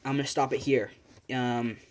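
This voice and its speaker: A man's voice: medium pitch, steady tone, moderate pace. A man casually telling a fan story into a phone, rambling and swearing, with frequent restarts. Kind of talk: casual spoken fan fiction.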